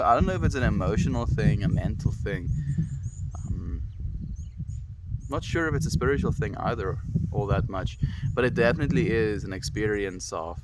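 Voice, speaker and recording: Stuffed-up young guy on a stream, kinda low voice, just musing and saying hi to chat. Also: background noise. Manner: rambling, reflective, greets viewers warmly. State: stuffy nose, snuffly. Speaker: livestreamer. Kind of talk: casual livestream chat.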